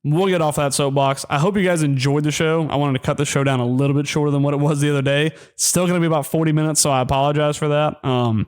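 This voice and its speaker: A man's voice: steady tone, quick pace, hardly any pauses. A man hosting a college football podcast, ranting heatedly and mockingly, then winding down into a rambling sign-off with many ums. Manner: heated, ranting, mocking, pitch jumps when worked up. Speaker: sports podcast host. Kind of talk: solo sports rant.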